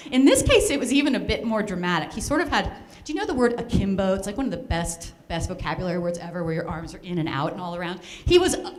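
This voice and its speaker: Animated woman telling a comic story. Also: medium pitch. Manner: animated, self-mocking, playfully dramatic. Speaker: speaker at a charity fundraiser. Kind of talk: comic personal storytelling on stage. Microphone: handheld or stand microphone.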